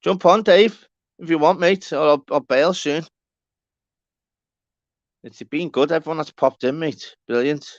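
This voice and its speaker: Speaking a little slowly with long pauses, this Liverpool live stream host from Walton has a voice on the high side and a thick Scouse accent. He's rambling and friendly, swears plenty, and addresses viewers by name over dull, dry lo-fi audio with no room sound.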